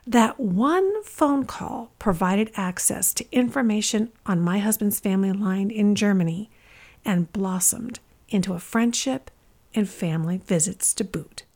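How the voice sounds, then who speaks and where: A woman hosting a podcast, announcing the episode in a clear, upbeat way and reading a listener's letter aloud. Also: mid-range voice, unhurried, a little mellow. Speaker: podcast host.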